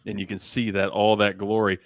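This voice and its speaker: A man's voice: fairly low pitch, little pitch movement, brisk, dry recording, studio quality. A young man hosting a sports variety show, chatting casually in a rambling, self-amused way. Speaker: host.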